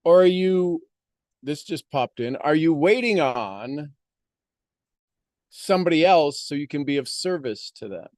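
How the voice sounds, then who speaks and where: A man's voice: on the high side, animated, measured pace, pauses often, a little mellow, no room sound, studio quality. A man giving a motivational monologue on a live stream, preaching with repeated rhetorical questions.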